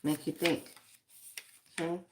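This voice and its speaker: A woman giving a guided spiritual card reading, slow and reflective, repeating her questions to the listener. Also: low-pitched, level tone, noisy background.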